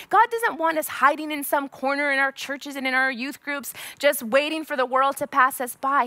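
Bright, high-voiced woman youth pastor. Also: no room sound. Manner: animated, emphatic, repeats words as she builds points. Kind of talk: sermon with personal stories.

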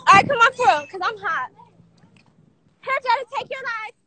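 A young woman streaming live from her phone outside, her voice very high and bright. She chatters in a playful, teasing way, tossing out slang and trash talk. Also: expressive, normal speed, slight background noise. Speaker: vlogger. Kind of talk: casual livestream chatter. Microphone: handheld phone.

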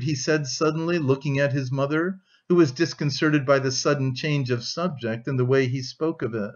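A man narrating an audiobook of a classic novel in steady, even scripted storytelling. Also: medium pitch, moderate pace, hardly any pauses, muffled recording.

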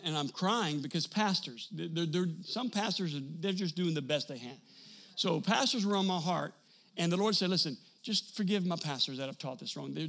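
A man preaching a storytelling sermon to a live congregation, animated, acting out dialogue and building to bursts of laughter and shouting. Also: a little high, creaky. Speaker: pastor. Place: church service before a congregation.

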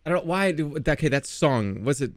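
A man commentating on games live, excitable and often breaking into laughter or shouting. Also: on the high side, fairly quick, heavy background noise. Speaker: streamer. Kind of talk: live game-stream commentary.

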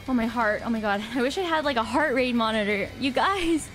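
Woman streamer, excitable, shrieky, gasping chatter over loud game music. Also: a little high, a little fast, hardly any pauses. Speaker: gamer streamer. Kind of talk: live gameplay commentary. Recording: game music playing loudly behind.

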